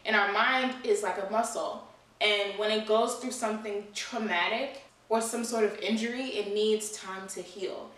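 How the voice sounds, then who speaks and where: A woman's voice: mid-range voice, fairly even intonation, moderate pace, fairly bright tone, distant mic. Earnest young woman in a very echoey room. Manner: earnest, conversational, full of "you know" and "like". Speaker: vlogger. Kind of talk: candid personal vlog. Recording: very echoey room, voice away from mic.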